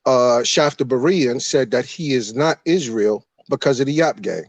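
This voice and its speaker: A man's voice: mid-range voice, moderate pace, dry recording. Male panelist, mid voice, dry sound, insistent. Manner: insistent, repeating himself.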